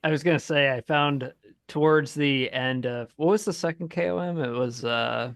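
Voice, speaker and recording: A man's voice: fairly high pitch, moderate pace, vocal fry, fairly bright tone, no echo, studio quality. Self-mocking, joking podcast co-host man. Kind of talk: casual podcast chat.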